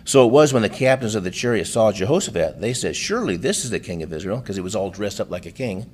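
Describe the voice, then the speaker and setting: A man's voice: lowish voice, very animated, fast, darkish tone. A man preaching a sermon, reading scripture aloud with frequent restarts and adding plain-spoken asides. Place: church.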